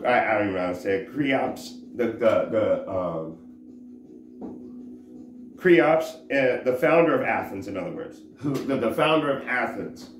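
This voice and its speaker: Man, religious teacher, slow halting delivery, echoey room recording. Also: medium pitch, expressive, soft background music. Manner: halting, searches for words, restarts often. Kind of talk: informal scripture teaching. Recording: roomy echo, faint background noise.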